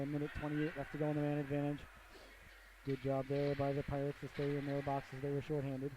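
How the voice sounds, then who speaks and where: Folksy man calling hockey, noisy audio. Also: on the high side. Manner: folksy, joking asides to the audience. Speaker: play-by-play commentator. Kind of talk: hockey play-by-play commentary. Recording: noisy amateur broadcast audio.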